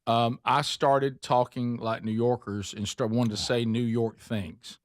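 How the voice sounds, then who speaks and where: A man hosting a talk radio show tells a story in a casual, lively way. His voice sits at a medium pitch and the mic is close and dry. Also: a little slow, dry recording. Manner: animated storyteller, slips into a mock New York accent.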